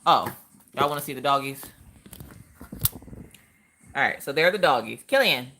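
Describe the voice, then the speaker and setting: A woman's voice: extremely low pitch, lively intonation, moderate pace, long pauses, sharp tone, a little hiss or hum. A woman chatting casually to viewers during a home livestream, telling stories and acting out quotes. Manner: chatty storytelling, acts out quotes, talks to chat. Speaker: livestream crafting host.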